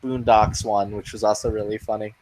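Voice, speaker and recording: A man's voice: lowish voice, flat delivery, a little fast, a little mellow, low-quality recording. A young man chatting casually in an online lobby, laughing and swearing as he retells a story. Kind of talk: casual chat.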